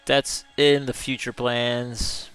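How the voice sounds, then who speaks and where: A man's voice: mid-range voice, level tone, slow pace, a bit bright, smooth, dry recording, faint music behind. A male gaming streamer giving live gameplay commentary in a chatty way, reading chat messages aloud and laughing often.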